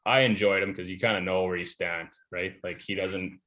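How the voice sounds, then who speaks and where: A young man with a lowish voice chatting as a podcast guest. He is laid-back and rambles, trailing off and restarting as he tells stories. Stories come out loose and unhurried. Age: young adult. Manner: relaxed, rambling, many fillers and trailing restarts. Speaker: podcast guest, pro hockey player. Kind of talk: casual chat.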